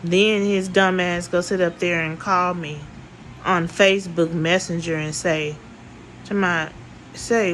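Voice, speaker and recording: Slow, blunt woman telling a story. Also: lowish voice, steady tone, fairly bright tone, a little hiss or hum, low-quality recording. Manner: blunt, heavy swearing, repeats herself for emphasis. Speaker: vlogger. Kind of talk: casual storytime.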